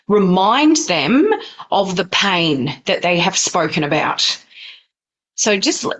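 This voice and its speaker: In a recorded training session for students, a middle-aged woman teaches practitioners in a blunt, no-nonsense, conversational way. Her voice is medium-pitched and a bit bright.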